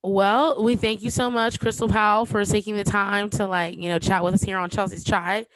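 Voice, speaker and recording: A woman's voice: mid-range voice, fairly even intonation, normal speed, no echo, rough recording. A woman in her thirties hosting a podcast, talking candidly and with emotion, joking now and then, with many fillers and restarts. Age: 30s. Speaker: podcast host. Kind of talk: casual podcast monologue.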